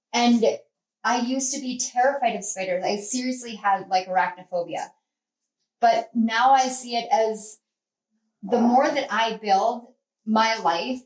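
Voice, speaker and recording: A woman giving a spiritual tarot reading, rambling and heartfelt with many fillers, speaking from a distance from the mic. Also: mid-range voice. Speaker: tarot reader. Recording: roomy, from off-mic.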